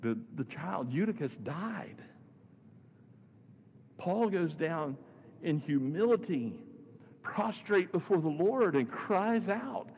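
A man's voice: a little high, sing-song, takes it slowly, long pauses, darkish tone. A man preaching a sermon, stressing his points by repeating phrases. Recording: long hall reverb with faint noise.

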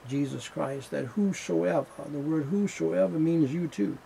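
A man preaching a sermon at an unhurried, deliberate pace, his gravelly voice sitting a little high for a man. He drives his points home through emphatic repetition, and a faint hum of ambience sits behind him. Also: dark tone, low-quality recording. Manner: slow, emphatic preaching with repeated refrains.

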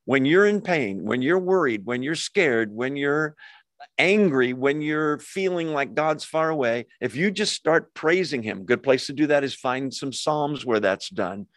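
A man teaching a Bible study in a middle-range voice. He speaks earnestly and conversationally, with pauses and fillers as he checks his notes, and acts out the people he quotes. The sound is dry and close, with little room echo. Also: mid-range voice, expressive, fairly bright tone.

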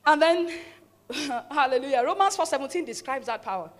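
A woman pastor preaching a fervent sermon in a church, urging the congregation to repeat after her and building to shouts. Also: sits high, lively intonation, brisk. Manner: fervent preaching with call-and-response, rising to shouts.

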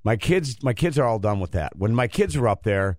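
A middle-aged man hosting a radio show, rambling and halting as he tells a story in casual banter. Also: on the low side, very animated, darkish tone, no echo, studio quality. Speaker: radio host.

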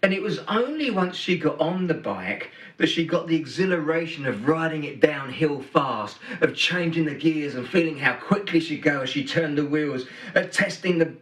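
Preacher, male, middle-aged, bright lively delivery, storytelling sermon, roomy hall, mic at a distance. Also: fairly high pitch. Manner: storytelling, emphatic swings between loud and hushed. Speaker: pastor. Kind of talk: Christmas sermon.

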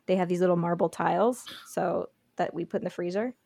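A woman's voice: fairly low pitch, steady tone, a little fast, vocal fry, warm tone, dry recording, studio quality. A woman co-hosting a podcast in casual chat, rambling with fillers. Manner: chatty, lots of fillers and hedging, light laughs. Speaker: podcast co-host.

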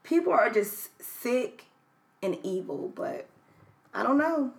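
A young woman co-hosting a podcast in casual chat, blunt and teasing, often trailing off into a quieter voice. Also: a little high, lively intonation, takes it slowly, creaky. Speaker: podcast co-host.

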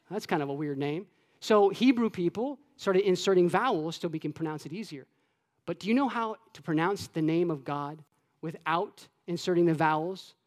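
A man from Florida preaching a sermon to his church, animated, acting out voices and dropping to a hush at times. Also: high-pitched. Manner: animated, acts out God's voice and his own childhood taunts, with soft hushed stretches. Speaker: pastor. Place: church sanctuary with long reverb. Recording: echoey church hall.

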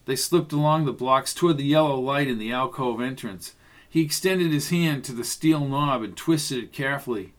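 A man narrating a mystery audiobook in a steady, even voice. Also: mid-range voice, moderate pace. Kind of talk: scripted narration.

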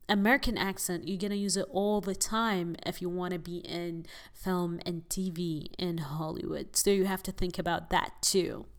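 A young woman hosts a podcast in a casual, chatty monologue. She talks straight to her listeners and fills her sentences with easy fillers, at a medium pitch for a woman. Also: a bit bright. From United Arab Emirates. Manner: chatty, addresses listeners as guys, frequent fillers. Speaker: podcast host.

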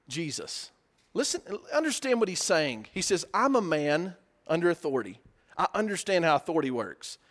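Guy preaching, pretty high voice, lots of questions, gets loud then real quiet. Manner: animated, rhetorical questions, swings between loud and hushed. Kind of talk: sermon.

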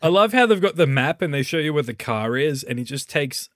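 A man's voice: a little high, lively intonation, fairly bright tone, no room sound, studio quality. A young man chatting casually and joking with friends on a podcast. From Australia. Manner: joking, does quick silly voices. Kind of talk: casual chat.

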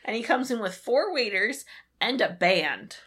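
A woman podcast co-host recapping an episode in a giggly, animated way. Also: a little high, measured pace, breathy edge.

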